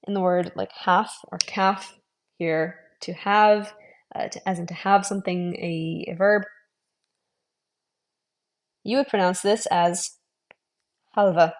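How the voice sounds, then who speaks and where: A woman giving an online language lesson, modelling sounds slowly, repeating them and adding friendly, encouraging asides. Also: fairly low pitch. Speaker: language teacher.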